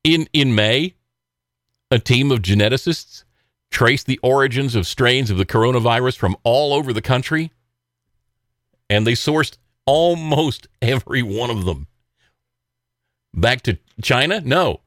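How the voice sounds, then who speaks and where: A man's voice: medium pitch, lively intonation, a little slow, long pauses, fairly bright tone, dry recording, studio quality. A man from the South, hosting an opinionated commentary show in a sarcastic, mocking way and laughing between points. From American South.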